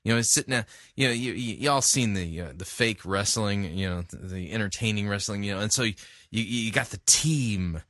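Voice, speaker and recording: A man hosts a sermon review, talking bluntly in a loose, chatty way. His voice is bright and forward, recorded dry and close. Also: fairly low pitch, brisk, dry recording. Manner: conversational and blunt, with fillers. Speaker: host. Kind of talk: commentary.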